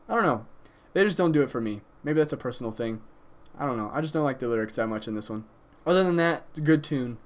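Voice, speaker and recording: A man casually reviewing an album, enthusiastic and profane, with frequent hesitations and fillers. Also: mid-range voice. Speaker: music reviewer.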